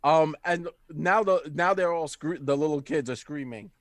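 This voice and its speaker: A man's voice: a little high, moderate pace, no echo, studio quality. A man narrating a tabletop game as game master in a chatty way with many fillers. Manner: chatty, laughing, full of fillers.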